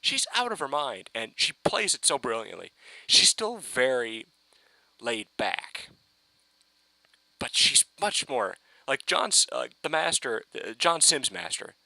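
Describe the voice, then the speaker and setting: Excitable rambling man with gravelly bright voice. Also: mid-range voice, measured pace, no echo, low-quality recording. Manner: excitable, rambling, swears, frequent restarts. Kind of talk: casual fan review rant.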